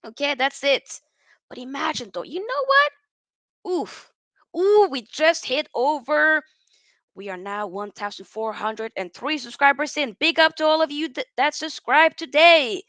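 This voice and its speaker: A woman hosting a casual football livestream, rambling and animated as she reads out chat and answers viewers. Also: high-pitched, a little slow, dry recording. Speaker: football channel host.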